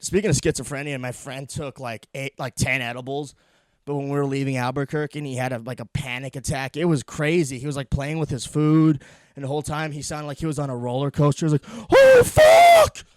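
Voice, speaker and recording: A young man hosting a solo podcast, rambling crudely, swearing, and laughing at his own dark jokes. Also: medium pitch, no echo, clean studio sound. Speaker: podcast host.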